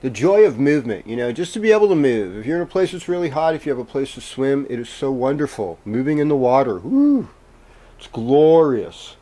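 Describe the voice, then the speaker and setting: Mellow-voiced man giving horoscopes. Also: mid-range voice, lively intonation. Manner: meandering and gentle, with many pauses and fillers. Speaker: astrologer host. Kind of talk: casual spoken horoscope reading.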